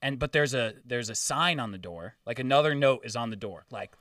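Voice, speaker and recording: A man's voice: medium pitch, a little fast, no room sound, studio quality, recorded from a distance. A man telling a story in casual chat, swearing freely and acting out the quotes. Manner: profane, animated storytelling with acted-out quotes.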